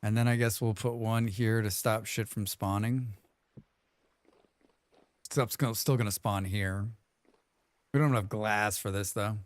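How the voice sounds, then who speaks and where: A man's voice: lowish voice, fairly even intonation, a little slow, pauses often, smooth, dry recording. A man streaming a survival game live, chatting casually, reading viewer comments aloud and humming to himself as he plays. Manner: chatty, reads chat aloud and hums to himself.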